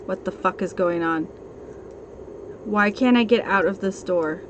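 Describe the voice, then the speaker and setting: A woman's voice: medium pitch, measured pace, a bit bright, muffled recording. A woman streaming a horror game live, frightened, swearing and repeating herself. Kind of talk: live horror gameplay commentary. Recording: noisy stream audio.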